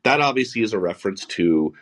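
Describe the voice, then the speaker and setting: A man with a baritone voice hosting a live podcast, talking through the week's news with sarcastic asides. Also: expressive, brisk. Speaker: podcast host. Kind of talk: solo podcast monologue.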